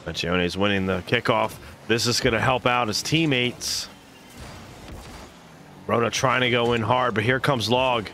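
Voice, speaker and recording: A man's voice: mid-range voice, fairly even intonation, measured pace, sharp tone, a little hiss or hum. A young man casting a video game match live, playful and full of made-up silly words, chatting with his viewers between plays. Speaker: esports caster and streamer.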